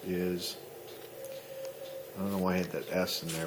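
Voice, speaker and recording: A man with a deep, low voice talks casually as he decodes radio signals, often stopping mid-phrase and correcting himself. A clear steady noise runs under his voice throughout. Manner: musing aloud, halting and self-correcting. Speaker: amateur radio operator. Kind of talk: casual talk to camera.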